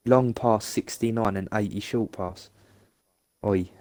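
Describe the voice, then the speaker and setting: A man's voice: lowish voice, fairly even intonation, unhurried, darkish tone, dry recording. A man chatting casually about a football game, rambling and restarting his sentences. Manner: chatty, rambling, restarts often, laughs along. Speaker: podcast co-host.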